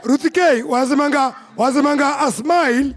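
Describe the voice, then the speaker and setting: A man's voice: very high voice, moderate pace. A man doing a boastful, sing-song stand-up bit. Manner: boastful, sing-song, making kissing sounds. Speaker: stand-up comedian. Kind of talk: stand-up comedy set.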